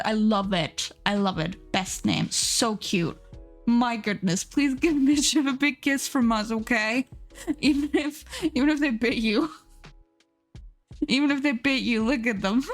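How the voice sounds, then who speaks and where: A young woman streaming live, gushing excitedly over viewers' art and pets, swearing casually. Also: on the high side, measured pace, faint music behind.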